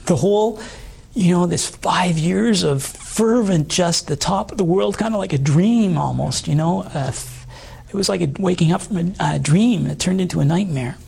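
A middle-aged man with a hoarse voice, giving an earnest personal testimony in an interview, halting with many fillers. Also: high voice, warm tone. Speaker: guest.

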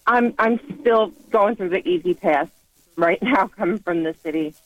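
A woman's voice: medium pitch, moderate pace, rough recording. A woman calling a radio show by phone, speaking hesitantly with many fillers. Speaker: caller.

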